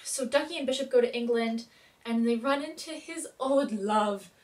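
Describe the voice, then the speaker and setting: A woman's voice: a little high, normal speed, recorded from a distance. A woman giving a casual TV episode recap, bubbly, rambling and poking fun at herself. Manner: bubbly, rambling and self-mocking.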